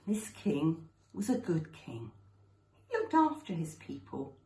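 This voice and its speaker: A woman telling a children's story at a school assembly, slow and expressive, recorded with a roomy echo. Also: low voice.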